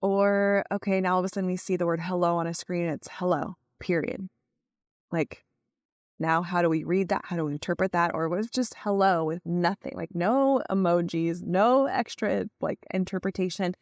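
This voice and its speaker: A woman hosting a podcast in a chatty, casual way, full of fillers and quick tone demos. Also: lowish voice, fairly even intonation, no echo. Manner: chatty, with many fillers, acts out tones of voice. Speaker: podcast host. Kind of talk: casual solo podcast talk.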